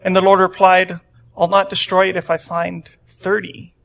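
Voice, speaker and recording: High-voiced man giving a casual sermon. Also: flat delivery, moderate pace, gravelly, fairly bright tone. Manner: conversational, acts out quotes with rising pitch. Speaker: pastor. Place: church room with a congregation.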